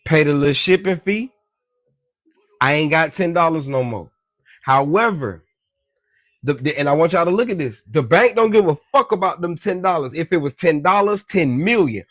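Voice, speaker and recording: A man's voice: a little high, a bit bright, dry recording, clean studio sound. A man giving a casual, profane, preachy monologue about money as a social media commentator, often calling listeners "beloved". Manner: profane, preachy, repeats "you dig me" and "beloved".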